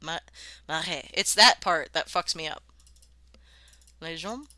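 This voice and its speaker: Woman streamer, unhurried delivery, talky, cursing and laughing, dry sound. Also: deep voice, sharp tone, dry recording. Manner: chatty, swears freely, laughs often, sounds out words. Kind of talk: casual live-stream chat while worldbuilding.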